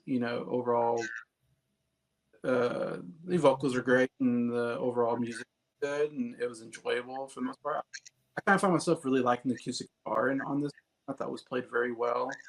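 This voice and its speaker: Guy with a gravelly voice, rambly casual album chat, lots of restarts. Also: mid-range voice, brisk. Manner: rambling, hesitant, many restarts. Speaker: album review co-host.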